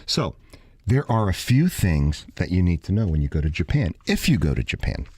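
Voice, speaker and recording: A man's voice: sits low, moderate pace, husky, no echo. A man with a Brooklyn accent hosting a radio talk show, chatting casually in a joking, playful way. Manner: joking, animated, playful teasing. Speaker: radio host, salon owner.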